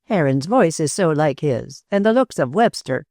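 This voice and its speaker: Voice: mid-range voice, animated, normal speed, a little mellow, no echo, lightly acted. Narrator doing a shaken, stammering husband in a storybook, dry close read. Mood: anxious. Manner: stammering, moaning. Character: nervous, frightened middle-aged husband.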